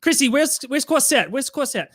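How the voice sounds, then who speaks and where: A panicked young woman cries out in a shrill, pleading voice, as a man puts her on. The sound is dry and close to the mic, with no room around it. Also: sing-song, normal speed, a bit bright, no echo. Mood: frantic. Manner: frantic, high, pleading.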